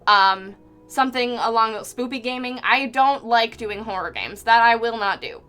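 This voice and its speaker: A woman's voice: on the high side, lively intonation, normal speed, bright, forceful tone, clean tone, soft background music. A young woman streaming live while painting, chatting casually, reading out chat messages with lots of fillers and little laughs.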